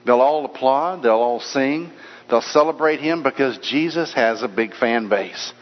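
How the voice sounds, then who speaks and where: A man's voice: mid-range voice, a little slow, a little hiss or hum. A man preaching a sermon as pastor, in a conversational, storytelling way. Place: church. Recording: dull echoey church hall recording.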